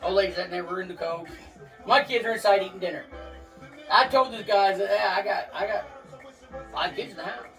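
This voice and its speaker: A man's voice: high voice, fairly quick, pauses often, fairly bright tone. A man telling rowdy stories in casual talk, swearing freely and laughing through them. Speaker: interviewee. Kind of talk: casual storytelling. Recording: distant mic with faint music.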